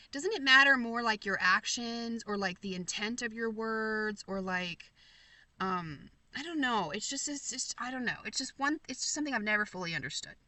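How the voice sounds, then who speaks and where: A woman's voice: on the high side, pushed and bright, dry recording. An American woman hosting a casual livestream, chatting and reading viewer comments in a rambling, effusive way. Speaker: livestream host.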